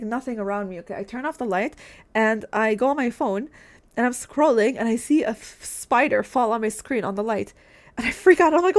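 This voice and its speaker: Young woman vlogger, twenties, a bit high-pitched, chatty and candid, swears a lot, calls viewers guys. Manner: candid, swears often, heavy filler "like", addresses viewers as guys. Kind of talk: casual rambling monologue.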